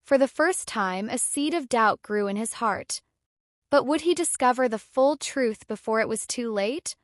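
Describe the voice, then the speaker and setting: A woman's voice: a little high, measured pace, no room sound, clean studio sound. Woman narrating a dramatic folktale. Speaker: storyteller. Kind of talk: scripted story narration.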